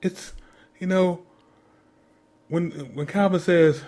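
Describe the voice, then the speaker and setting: A man's voice: high voice, fairly even intonation, slow, darkish tone. A man co-hosting a sports podcast, ranting in a mocking, incredulous way about commercials. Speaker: podcast co-host. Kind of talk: casual sports commentary rant.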